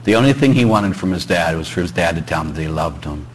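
In poor audio with slight background noise, a fast-talking priest with a Pittsburgh accent gives an animated sermon in church. He jokes with the congregation, and his pitch rises emphatically as he makes his points.

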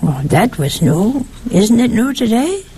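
A woman, older, preaching a sermon with lively, teasing rhetorical questions. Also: fairly high pitch, measured pace, husky.

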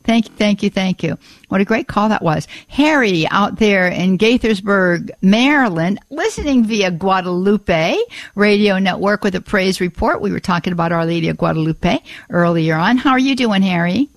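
A woman's voice: mid-range voice, normal speed, dry recording. A woman hosting a Catholic call-in radio show, effusive and full of praise, with frequent restarts and repeated words.

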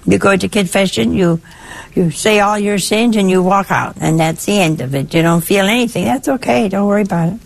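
An older woman preaches in an easy, conversational way. Her voice is husky and a little breathy. It swings up high and drops low as she makes her points. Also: fairly quick. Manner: lively, conversational, with wide swings in pitch. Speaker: religious speaker. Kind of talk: sermon-style talk.

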